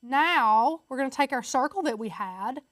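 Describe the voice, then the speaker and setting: A woman's voice: high-pitched, expressive, fairly quick, no echo, clean studio sound. A woman hosting a casual step-by-step crafting tutorial, chatty and upbeat, talking straight to her viewers.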